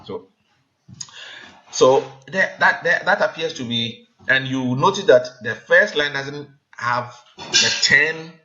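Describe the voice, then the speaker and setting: A man teaching a poetry lesson, explaining in a measured, hesitant way with frequent pauses and filler sounds. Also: on the high side, expressive, bright, forceful tone. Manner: measured, hesitant, frequent ums, counts syllables aloud. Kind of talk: recorded literature lesson. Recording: dull lo-fi sound with faint noise.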